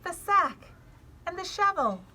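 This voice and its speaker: A woman voicing a curious young girl from a children's novel, speaking higher and eagerly. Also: sing-song, unhurried, pushed and bright, slight background noise, heavily acted, low-quality recording. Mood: earnest.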